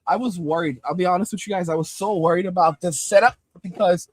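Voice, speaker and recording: A man with a high-pitched voice rants on a livestream, blunt and heated, swearing constantly. He speaks close to a studio microphone at his home desktop, the sound dry with almost no room in it. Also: fast talker, no room sound. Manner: blunt, heavily profane, heated. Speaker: livestream host. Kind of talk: ranting commentary and reading viewer comments. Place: home desktop streaming setup.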